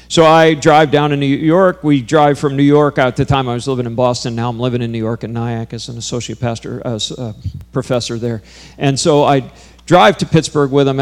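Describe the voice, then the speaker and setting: Earnest man preaching a sermon. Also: mid-range voice. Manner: earnest, builds to intense emphatic peaks. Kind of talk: sermon storytelling.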